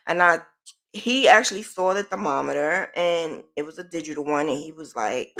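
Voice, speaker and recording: A middle-aged woman hosts her own podcast and tells a long personal story in casual, animated chat. Her voice has a gravelly, fried edge, and she sighs, backtracks and corrects herself as she goes. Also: on the low side, a little slow. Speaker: podcast host.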